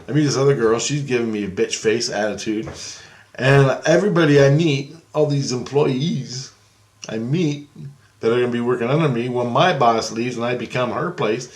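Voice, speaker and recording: Profane, animated man telling a story. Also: mid-range voice. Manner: animated, swears heavily, acts out quotes. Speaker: vlogger. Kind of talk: casual profane dream storytelling.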